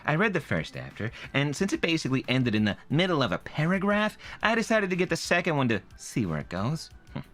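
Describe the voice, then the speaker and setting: A man's voice: on the high side, huge pitch swings, a little fast, a bit bright, faint music behind, voice pushed up. A man voicing a sassy, fed-up woman book reviewer as a comedic dramatic reading, theatrical and exasperated. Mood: mock grave.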